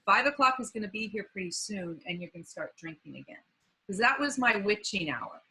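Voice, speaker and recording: Woman, 50s, podcast guest; bright, breathy voice, halting and heartfelt storytelling. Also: mid-range voice, expressive, low-quality recording. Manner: halting, many fillers and restarts; earnest and emotional. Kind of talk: personal recovery story.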